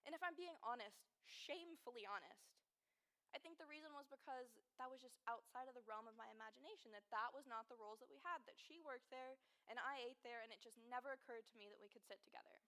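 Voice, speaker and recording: A woman's voice: on the high side, fast talker, pushed and bright. Earnest young woman giving a talk. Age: young adult. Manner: earnest storytelling with recounted dialogue. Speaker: university student speaker. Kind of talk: prepared public talk. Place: indoor event room before an audience.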